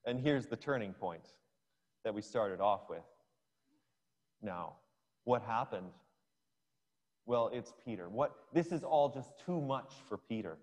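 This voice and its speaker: A man's voice: medium pitch, lively intonation, measured pace, long pauses, darkish tone. A male preacher giving a sermon, retelling a scripture scene as a story for his listeners. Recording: long hall reverb.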